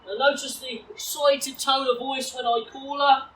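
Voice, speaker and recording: A woman teaching puppy recall outdoors, explaining calmly and switching to high, bright praise when she calls the dog. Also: moderate pace. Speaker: dog trainer. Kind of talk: outdoor training demonstration. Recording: roomy, distant, faint ambient noise.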